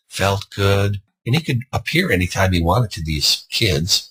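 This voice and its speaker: A man with a very low, raspy, breathy voice spins a spooky tale in a loose, conversational style full of asides. His delivery swoops up and down in pitch as he acts it out. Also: sing-song, measured pace, a bit bright, poor audio. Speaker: storyteller. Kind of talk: improvised spooky storytelling.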